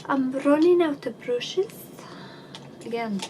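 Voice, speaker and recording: High-voiced woman, chatty makeup tutorial. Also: unhurried, background noise. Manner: chatty and self-deprecating, with dry sarcasm. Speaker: beauty vlogger. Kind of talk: casual makeup tutorial chat.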